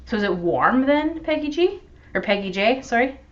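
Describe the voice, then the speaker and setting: A woman's voice: fairly high pitch, sing-song, normal speed, highs cut off. A young Canadian woman with a Canadian accent hosting a casual crafting livestream, greeting viewers by name and laughing often, heard through the camera's built-in microphone. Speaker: crafting channel host.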